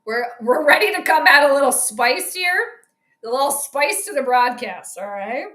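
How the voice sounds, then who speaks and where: A woman with a bright, fairly high voice gives casual live watch-along commentary on a game. She chats and jokes in asides to a co-viewer. The sound is roomy and echoey. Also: animated, normal speed. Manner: chatty, joking asides to a co-viewer. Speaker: host of a sports live stream.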